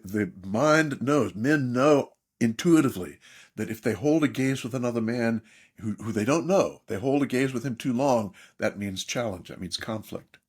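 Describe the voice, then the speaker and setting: An older man who is a therapist and author appears as a podcast guest, his medium-pitched voice husky. He tells stories with animation and emphasis, mimicking other people when he quotes them.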